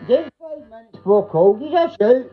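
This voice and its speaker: A man's voice: very high voice, animated, fairly quick. A middle-aged Scottish man chatting on a livestream in a rambling, blunt way, swearing freely. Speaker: livestream host. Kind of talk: casual rambling chat. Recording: tinny phone-like sound.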